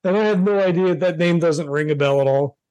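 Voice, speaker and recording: A man with a New York accent playing a tabletop role-playing game, talking in a hesitant, halting way. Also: on the high side, a little mellow, no echo, muffled recording. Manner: hesitant, halting, lots of restarts. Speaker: player.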